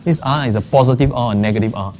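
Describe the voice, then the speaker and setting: A man's voice: mid-range voice, quick pace, darkish tone, lo-fi sound, slight background noise. A man lecturing a maths class. He often checks in with the class and repeats key phrases. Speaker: maths teacher.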